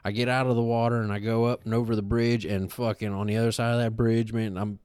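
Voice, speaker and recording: Low, smooth-voiced man. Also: quick pace, no echo, clean studio sound. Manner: animated storytelling, heavy swearing, frequent fillers. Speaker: podcast co-host. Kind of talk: casual chat.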